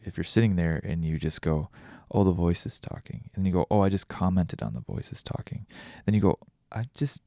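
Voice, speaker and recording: A man's voice: low-pitched, creaky, warm tone, dry recording, clean studio sound. A tired man hosting a podcast alone, rambling and thinking aloud with many restarts. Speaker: podcast host. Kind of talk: casual solo reflection.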